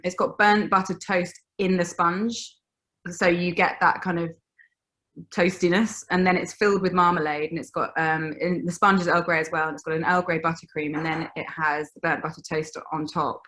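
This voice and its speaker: A woman from England chats on a video call about her baking, often laughing and restarting her sentences. Her voice sits low for a woman and comes across casual and unhurried. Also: a bit bright. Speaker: baker, guest.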